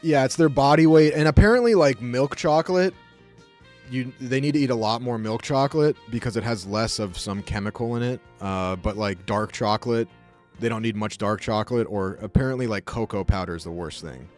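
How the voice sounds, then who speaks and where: A male streamer chatting in a loose, rambling way, swearing freely as he tells a story. His pitch sits at an ordinary middle height, and faint music plays quietly behind him. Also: brisk. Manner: animated, profane, rambling. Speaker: live streamer. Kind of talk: casual storytelling chat.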